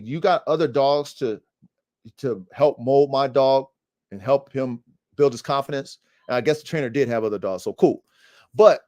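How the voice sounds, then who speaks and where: A man hosting a casual dog training podcast, talking animatedly and straight to his listeners. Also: on the high side. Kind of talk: casual livestream talk.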